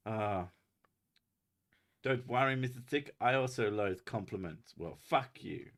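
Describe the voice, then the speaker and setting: A man with a somewhat low voice hosts a loose livestream chat, reading viewer messages aloud. He is from England, jokes constantly, swears freely and laughs at his own remarks. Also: measured pace, fairly bright tone. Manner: jokey, swearing, reads comments aloud and laughs a lot.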